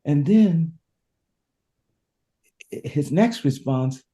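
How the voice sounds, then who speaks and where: Impassioned pastor with a lively, warm voice. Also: male voice, fairly high pitch, extremely slow. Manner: emphatic, repeats words as he builds a point. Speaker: pastor, guest. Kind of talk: impassioned preacher-style storytelling.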